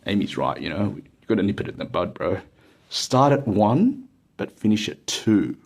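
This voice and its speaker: A man's voice: lowish voice, sing-song, normal speed, gravelly. An Australian man telling a casual, rambling anecdote full of fillers and bursts of laughter. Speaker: storyteller.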